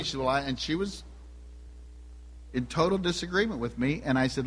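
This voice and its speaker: Preacher guy, bit high voice, story sermon, asks the crowd stuff, long church echo. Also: moderate pace, pauses often, a bit bright, slightly rough. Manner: asks the audience questions. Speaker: pastor. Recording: long hall reverb.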